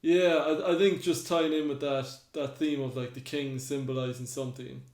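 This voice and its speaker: A man's voice: mid-range voice, level tone, normal speed, a little mellow. A man, co-hosting a podcast, casually retelling myths and acting out the characters' lines. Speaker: podcast co-host. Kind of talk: casual storytelling chat. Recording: roomy echo.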